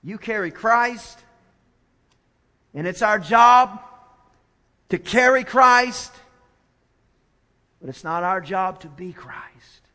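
High, bright-voiced preacher man. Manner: preaching with big swings from quiet to loud, slow emphatic stretches. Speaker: pastor. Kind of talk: sermon. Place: church sanctuary. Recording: church hall with long reverb.

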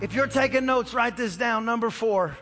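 A male pastor preaching a sermon in a lively, casual storytelling style. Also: very high-pitched, moderate pace. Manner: storytelling, animated, casual slang. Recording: echoey church hall with faint music.

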